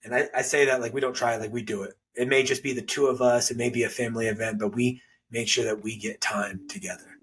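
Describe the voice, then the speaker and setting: Podcast guest, male, very husky voice, blunt candid storyteller, a bit distant from the mic. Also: mid-range voice, steady tone, quick pace, few pauses, a bit bright. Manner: blunt, candid, swears casually.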